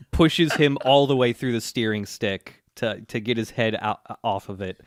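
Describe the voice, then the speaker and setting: A man co-hosting a podcast, recapping episodes in casual chat with wry, animated storytelling. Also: mid-range voice, a little slow, dry recording, clean studio sound. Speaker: podcast co-host.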